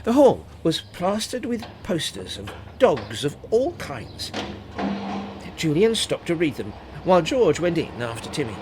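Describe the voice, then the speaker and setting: Animated children's story narrator. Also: mid-range voice, unhurried. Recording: hissy home recording.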